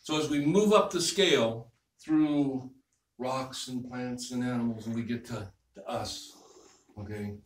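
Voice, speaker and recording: A male minister giving a sermon in a relaxed, conversational way, repeating phrases and checking in with the congregation. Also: mid-range voice, unhurried. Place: church hall. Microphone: distant room mic. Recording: echoey hall, distant mic, faint noise.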